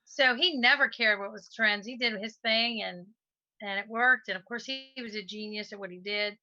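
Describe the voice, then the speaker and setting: A woman in her forties talks eagerly over a video call, her voice very bright and a little raised in pitch. The laptop audio is dull and lo-fi, with a dry, close sound and no room around it. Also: normal speed, dry recording. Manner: enthusiastic, rambling. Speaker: musician guest. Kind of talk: casual chat on a video call.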